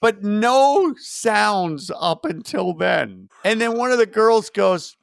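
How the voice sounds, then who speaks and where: A man co-hosting a film podcast in casual chat, animated and acting out lines from the movie. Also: high voice, slow pace, gravelly, few pauses, no room sound, studio quality. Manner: animated, acts out film lines in put-on voices. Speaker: podcast co-host.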